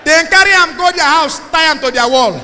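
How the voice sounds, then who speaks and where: A Nigerian man doing stand-up comedy in Pidgin, shouting his punchlines. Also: extremely high pitch, a little fast, a faint crowd. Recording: hall reverb with background noise.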